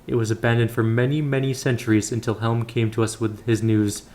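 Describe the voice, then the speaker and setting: A man's voice: medium pitch, little pitch movement, a little fast, a little mellow, lightly acted. A man voicing a solemn middle-aged holy knight, reading formal, old-fashioned lines aloud in his everyday voice. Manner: formal, archaic phrasing read aloud.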